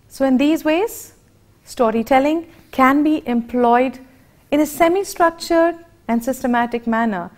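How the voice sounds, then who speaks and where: A woman with an Indian English accent giving an educational lecture, speaking in a deliberate, expressive teaching manner. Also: on the high side.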